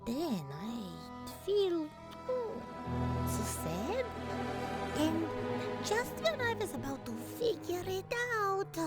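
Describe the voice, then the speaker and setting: High, dreamy, sorrowful game woman, slow and lilting, wildly swooping, loud music behind. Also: very animated, full character voice. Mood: wistful.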